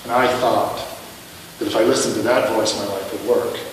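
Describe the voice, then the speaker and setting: A man's voice: fairly low pitch, steady tone, normal speed, slight background noise. A male minister giving a sermon in a conversational, self-mocking way, asking rhetorical questions. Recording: echoey hall, mic at a distance.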